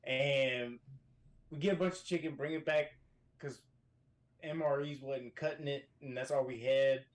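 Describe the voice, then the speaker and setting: A man talking as a guest on a casual podcast from a hotel room, telling profane, animated stories. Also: mid-range voice, a little slow.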